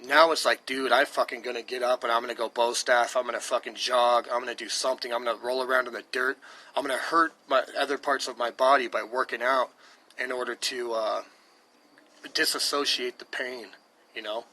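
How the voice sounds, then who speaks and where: A thirtysomething American streamer rambles casually, cursing frequently and hammering his points as he thinks aloud. He speaks a little fast in a flat, sharp, medium-pitched voice, sounding dry-throated, on poor-quality audio.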